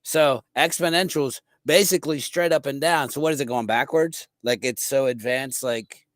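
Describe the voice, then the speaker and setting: A man's voice: medium pitch, normal speed, no echo. A man co-hosting a podcast, talking loosely and casually with plenty of fillers. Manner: loose, relaxed, filler-heavy. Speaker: podcast co-host.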